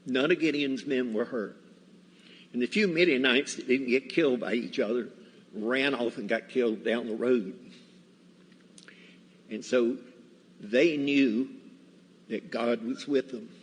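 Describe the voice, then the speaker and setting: Slow, folksy man preaching in a church. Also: medium pitch, slightly rough. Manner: slow, folksy, deliberate storytelling. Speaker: guest preacher. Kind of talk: storytelling sermon. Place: church sanctuary. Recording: reverberant church hall, faint ambience.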